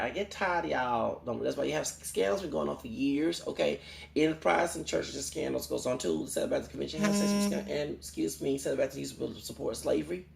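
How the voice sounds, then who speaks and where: Gravelly man ranting in an echoey room. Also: mid-range voice. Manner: rambling and preachy, quoting Bible verses and asking "okay?". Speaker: YouTuber. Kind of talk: ranting vlog monologue. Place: home in Houston.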